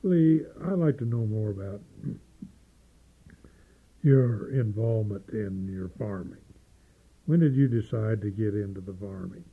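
A man interviewing a guest, asking questions in a measured way. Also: fairly low pitch, slightly rough. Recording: tinny phone-like sound.

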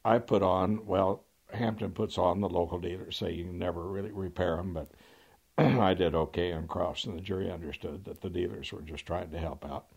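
Older male lawyer, raconteur, deep husky voice, dry wit, throat-clearing. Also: fairly even intonation, moderate pace, a little mellow, lo-fi sound. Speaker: trial lawyer. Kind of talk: anecdotal storytelling.

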